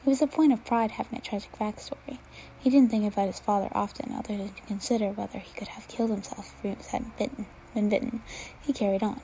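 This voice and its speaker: A woman reading fan fiction aloud at an unhurried pace, dropping to a whisper now and then. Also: mid-range voice, steady tone, warm tone, a little hiss or hum, poor audio. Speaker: reader.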